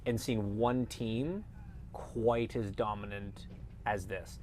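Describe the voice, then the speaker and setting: A man in his thirties, a former race driver turned analyst, telling stories in a lively, casual interview chat. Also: fairly low pitch, takes it slowly, a little hiss or hum. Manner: animated storyteller who acts out quotes.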